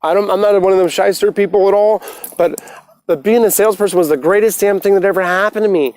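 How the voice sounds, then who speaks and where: A man talking casually into his phone on a livestream, preaching about the mind and meditation with lots of swearing, swinging from soft musing to loud ranting. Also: sits high, fast, dry recording. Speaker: motivational livestreamer. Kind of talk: casual rambling livestream rant.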